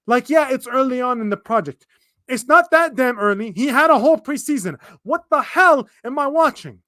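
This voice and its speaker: Reacting live to a football match on a watchalong stream, a young fan with a high voice vents his frustration in fast, stumbling rants packed with restarts and swearing. His intonation is lively and his tone sharp, and the dry, close recording has no room around it.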